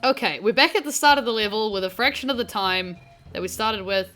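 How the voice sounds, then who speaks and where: A young game streamer with a New Zealand accent rambles through casual let's-play commentary, swearing and mocking herself. Her mid-range voice is brisk, pushed and bright, with faint music behind her.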